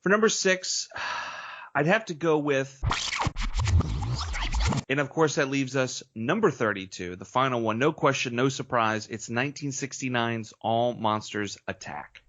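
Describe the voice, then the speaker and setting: A man's voice: mid-range voice, unhurried, dull audio, background noise. A man co-hosting a film podcast in a casual, blunt and opinionated way, with frequent sighs. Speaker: podcast co-host.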